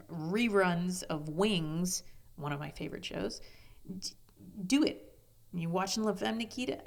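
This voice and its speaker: Woman podcaster, gravelly low-ish voice, candid and swears casually, sometimes drops to a whisper. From United States. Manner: candid, frank, swears casually, self-deprecating humor. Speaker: podcast host. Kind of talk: personal podcast monologue.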